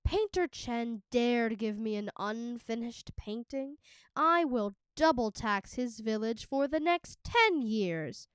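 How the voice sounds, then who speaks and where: A woman voicing a pompous, greedy male magistrate who booms orders, read slowly in a storybook read-aloud. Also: animated, clear, resonant tone, no room sound. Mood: commanding. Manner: booming, commanding.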